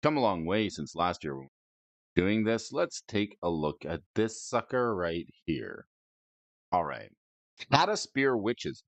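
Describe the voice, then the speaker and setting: A man with a fairly low voice rates game cards on his stream, playful and goofy, tossing in silly wordplay. His pitch swings widely as he talks. The mic sounds dull and lo-fi, in a dry room. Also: sing-song, unhurried, dry recording. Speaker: host. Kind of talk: casual commentary rating cards.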